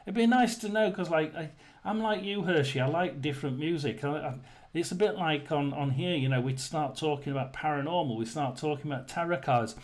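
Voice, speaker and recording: A man hosts a casual livestream, chatting with viewers and reading out their comments in a fairly high, fairly quick voice. He rambles, with lots of fillers and restarts.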